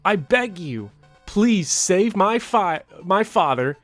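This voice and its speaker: A man's voice: sits high, very animated, slow pace, faint music behind, pitched above the performer's own voice, heavily acted. A man voicing a young princess from a video game who urgently begs a prince for help. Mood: pleading.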